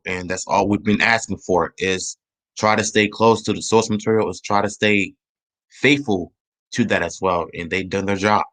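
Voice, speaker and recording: A man hosting his own channel talks through a movie trailer in a loose, casual way. His voice sits on the low side, and he rambles, restarts sentences and rushes his words when he gets excited. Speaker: channel host. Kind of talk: casual trailer review chat.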